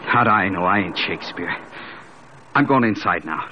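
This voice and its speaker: An actor playing a guarded, hard-bitten small-time gangster who talks in curt, deadpan slang, in 1940s radio acting. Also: male voice, sits low, moderate pace, over loud music. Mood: gruff. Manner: slangy tough-guy talk, curt and deadpan. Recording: muffled old radio broadcast.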